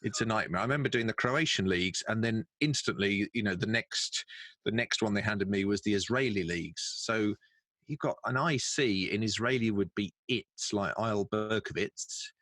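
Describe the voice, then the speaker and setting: A man's voice: lowish voice, fairly bright tone, dry recording. A middle-aged man from England, a guest telling wry stories in a casual interview over a video call. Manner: jokey storyteller, quick wry asides. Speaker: guest, professional speaker and announcer.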